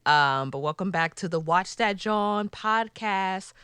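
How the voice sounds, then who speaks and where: A woman's voice: medium pitch, slow, sharp tone, clean tone, no room sound. A woman co-hosting a movie podcast in casual chat, playful and teasing. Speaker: podcast co-host.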